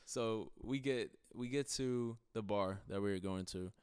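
A podcast host with a fairly low, slightly mellow voice speaks unhurriedly in a clear, resonant tone. Laid-back and profane, he laughs his way through stories about a trip with his friends.

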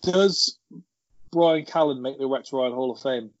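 A man's voice: mid-range voice, unhurried, no echo. Man, podcast co-host, laughs, quotes films, dry room, muffled sound. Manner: laughing, quotes film lines. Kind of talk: casual film chat.

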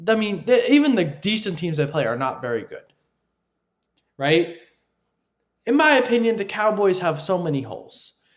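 A man's voice: high voice, very animated, moderate pace, pauses often. A man delivering an opinionated football analysis monologue, emphatic and repetitive, often asking his listeners "right?". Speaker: sports commentator.

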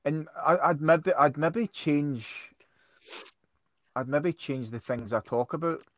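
A man's voice: on the high side, slow pace, fairly bright tone, dry recording. A comedian in casual chat, hesitant and repeating his words as he thinks aloud.

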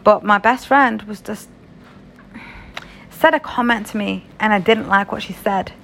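A woman's voice: medium pitch, a little slow, gravelly, fairly bright tone, a little hiss or hum. A young British woman telling a story in a casual vlog, frank and chatty, swearing freely. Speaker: vlogger.

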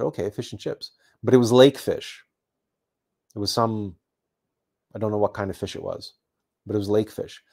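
A man from Canada recounting a childhood story in a reflective talk, halting often and repeating words with many fillers. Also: medium pitch, darkish tone. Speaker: host.

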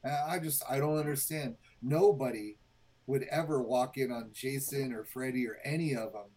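Husky young adult man, co-host, emphatic, swears, stumbles over words. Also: mid-range voice, moderate pace, darkish tone, rough recording. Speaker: podcast co-host. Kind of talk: casual movie review chat.

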